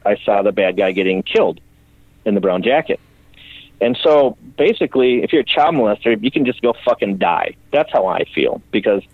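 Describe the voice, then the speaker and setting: A man's voice: on the low side, dry recording. A man, a custom bike builder, telling his story bluntly and emotionally in an interview, with frequent swearing. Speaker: custom bicycle builder, guest. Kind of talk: candid podcast interview storytelling. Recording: dry, phone-like remote call audio.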